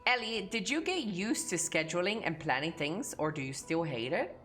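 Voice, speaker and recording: A woman's voice: on the low side, animated, moderate pace, a bit bright, faint music behind. A woman from Mexico, a streamer chatting casually and crudely with her viewers, playful and joking. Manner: crude, playful, talks to chat, hums and sings nonsense. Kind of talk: casual livestream chat.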